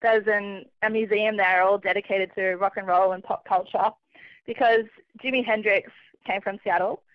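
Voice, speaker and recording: A woman, calling in as a travelling correspondent for a casual radio chat. She is chatty and relaxed, laughs often and pokes fun at herself. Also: medium pitch, normal speed, no room sound. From Australia. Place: calling in from far away. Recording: dull lo-fi phone line.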